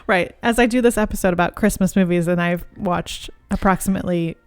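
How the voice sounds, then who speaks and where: A woman's voice: on the low side, brisk, darkish tone, clear, resonant tone, faint music behind. A woman therapist co-hosting a podcast in casual chat, chatty and laughing often.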